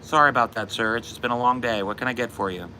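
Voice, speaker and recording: A man's voice: medium pitch, fairly even intonation, fast, bright, forceful tone, a little hiss or hum. A man voicing a tired, polite female drive-thru worker in an apologetic customer-service tone. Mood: weary polite.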